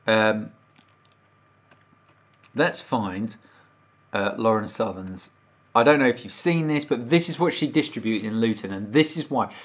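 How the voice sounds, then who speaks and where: A man's voice: on the low side, expressive, measured pace, long pauses. A British man from the United Kingdom ranting and swearing on a casual livestream, getting more worked up as he goes. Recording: dull lo-fi stream audio.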